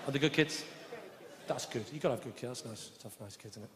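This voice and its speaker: A man's voice: medium pitch, fast. A man performing live stand-up comedy in a theatre, bantering with the audience and tossing in frequent tag questions. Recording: echoey theatre with audience noise.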